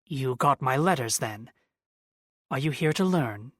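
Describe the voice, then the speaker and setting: A man's voice: mid-range voice, animated, measured pace, fairly bright tone, dry recording, clean studio sound. A man voicing a snooty older male occult shopkeeper who talks down to people in a droll, lecturing way, in an audiobook. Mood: condescending. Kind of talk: audiobook character voice.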